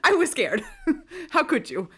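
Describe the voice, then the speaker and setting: A young woman giving excited, dramatic, laughing commentary on her game play-through, swearing freely. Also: sits high, a little slow. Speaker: streamer.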